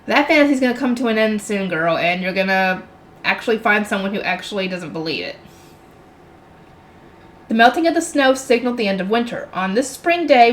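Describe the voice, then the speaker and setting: Chatty woman reading a novel aloud. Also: fairly high pitch. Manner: chatty, exasperated asides. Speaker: channel host reading a novel. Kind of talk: reading aloud with casual commentary.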